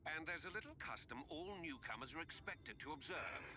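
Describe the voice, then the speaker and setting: A man with a British accent playing a polite, formal guide in a video game, speaking in a measured way. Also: a little high, lively intonation, music in the background, natural voice.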